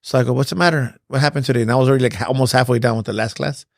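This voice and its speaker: Male boxing coach, quick blunt profane talker, gravelly voice, dry sound. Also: mid-range voice, steady tone, no room sound. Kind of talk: casual podcast chat.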